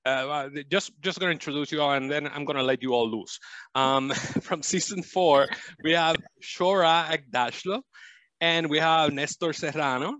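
Male host, bright tone, close dry sound, friendly moderator. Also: on the high side, dry recording. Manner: friendly, quick to laugh. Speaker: podcast host and panel moderator. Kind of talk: moderating a panel.

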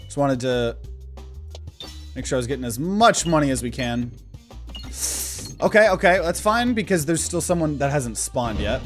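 A man's voice: medium pitch, animated, moderate pace, long pauses, faint music behind. A man giving casual let's-play commentary, thinking aloud as he plays. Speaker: gaming channel host.

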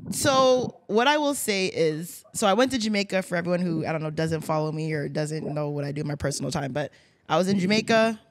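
A woman hosting a podcast in casual chat, talkative and quick to laugh. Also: fairly low pitch. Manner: chatty, laughs often, easily distracted. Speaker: main podcast host. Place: podcast studio.

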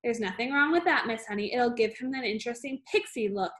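A woman's voice: fairly high pitch, expressive, brisk, fairly bright tone. A woman reading aloud, voicing a bullying, scornful headmistress with a harsh, barking manner. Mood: gloating.

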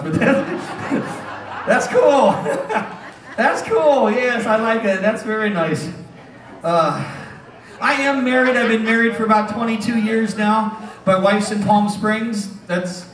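A middle-aged man doing comedic stage banter as a hypnotist, teasing the crowd with quick jokes and frequent chuckles. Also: high voice, noisy background. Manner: wisecracking, teasing the audience, chuckles often. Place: casino showroom stage. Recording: echoey hall from a distance.

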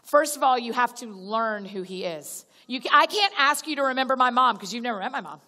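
In a fairly high, lively, pushed and bright voice that runs a little fast, a woman preaches as a guest speaker at a church gathering. Her sermon is conversational and direct; she addresses everyone as y'all, restarts sentences, and acts out little prayers. The church auditorium adds a long reverb.

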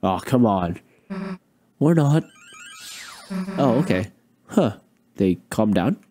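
A young man with a lowish, mellow voice commentates a video game, joking at his own expense and bursting into exclamations and laughter. Faint game music plays behind him. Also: expressive, takes it slowly, pauses often. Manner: playful, self-mocking, exclaims and laughs often. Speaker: gaming YouTuber. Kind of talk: let's play commentary.

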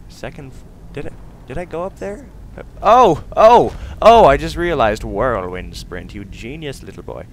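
A young man giving casual let's-play commentary, excitable and silly, breaking into sudden loud outbursts and laughs. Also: on the low side. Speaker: gaming video host.

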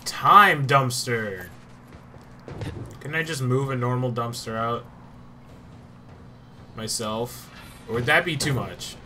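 A man's voice: medium pitch, a little slow, long pauses, bright, forceful tone, a little hiss or hum. A young man giving casual gameplay commentary, joking and swearing. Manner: swearing, joking, easily startled. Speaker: gamer.

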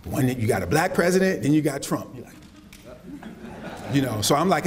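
A middle-aged man from South Carolina, lecturing on campus with animated storytelling and folksy asides. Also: a little high, normal speed, pauses often. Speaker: poet lecturing. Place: lecture hall.

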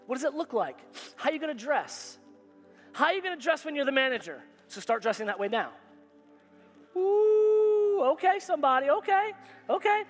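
Man, pastor, preaching, emphatic, repeats lines, reverberant sanctuary, soft music under. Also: very high-pitched. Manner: emphatic, repetitive preaching with call-and-response. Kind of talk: sermon. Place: church sanctuary. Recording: hall reverb with faint music.

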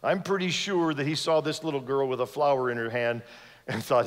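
A man with a mid-range voice speaks at a fairly quick, steady clip, preaching as a guest speaker and acting out the characters in a story. He's in a large church sanctuary, and the recording carries that space's long hall reverb.

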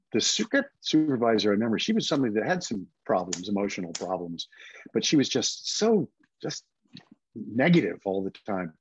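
An older man, husky and close to the mic with no room sound, tells stories in an easy interview. He drops into quick impressions when quoting people. The call audio is dull and lo-fi. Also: lowish voice, no echo. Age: 70s. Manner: anecdotal, slips into put-on voices for quotes. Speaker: guest actor. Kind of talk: casual interview storytelling.

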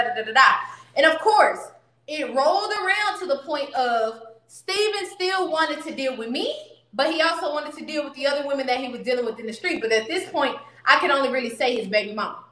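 Woman vlogger telling a storytime, blunt and lively, high bright voice in a roomy space. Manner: blunt, animated, talks back to people off camera. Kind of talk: casual storytime. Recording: echoey room.

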